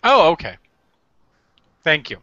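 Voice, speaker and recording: Animated high-voiced male podcast host. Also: no room sound. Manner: joking, laughs often, quick jokey asides. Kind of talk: casual comedic chat. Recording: dull lo-fi sound.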